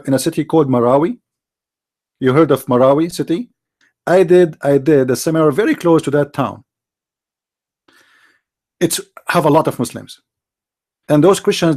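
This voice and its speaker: Man, live call-in host, blunt, mocking, broken grammar, high voice. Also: normal speed, pauses often, darkish tone. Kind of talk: unscripted live talk.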